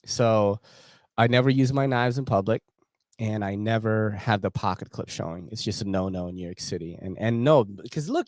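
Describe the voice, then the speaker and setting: A man's voice: fairly low pitch, moderate pace, no echo. A young man hosting a casual livestream chat, slangy and laughing as he tells stories. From Philippines. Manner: slangy, laughing, animated storytelling. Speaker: host.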